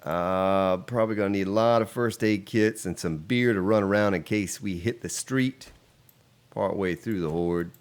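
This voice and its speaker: Laid back guy with a lowish voice chatting w/ his stream while playing. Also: normal speed, clear, resonant tone. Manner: relaxed and chatty, reading out and answering viewer chat. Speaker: gaming live streamer. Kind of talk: casual live-stream game commentary.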